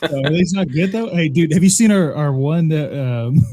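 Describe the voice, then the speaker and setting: Rambling movie-quoting man, slightly high. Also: expressive, moderate pace, mellow. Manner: rambling, quotes movies, swears a lot. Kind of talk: casual podcast chat.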